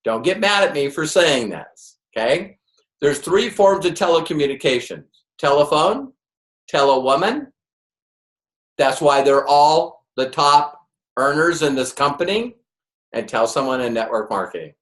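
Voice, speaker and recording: A man's voice: a little high, lively intonation, measured pace. A man giving a motivational network marketing training to a live audience, emphatic and full of rhetorical questions. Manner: emphatic, rhetorical questions, acts out quoted voices. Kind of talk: motivational seminar talk. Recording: roomy echo.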